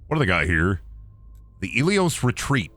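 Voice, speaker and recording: A man's voice: lowish voice, big pitch swings, moderate pace, a bit bright, no room sound. A man giving casual, joking, profane commentary to himself while streaming a game.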